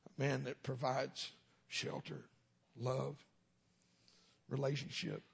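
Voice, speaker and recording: A man's voice: mid-range voice, level tone, slow, vocal fry, breathy edge. A middle-aged man, a minister giving a humorous testimony sermon in a folksy storytelling way with punchlines.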